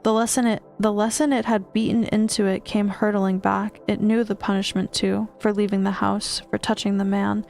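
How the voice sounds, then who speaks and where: Gravelly-voiced woman reading horror aloud. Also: medium pitch, normal speed, hardly any pauses, soft background music. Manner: steady reading with small stumbles and restarts. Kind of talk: reading a novel aloud on stream.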